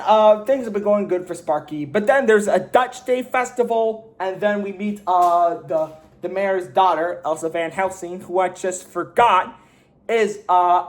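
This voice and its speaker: High-voiced man rambling through a review. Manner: rambling, filler-heavy storytelling; slangy, offhand. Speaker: movie reviewer. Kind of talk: casual movie review recap.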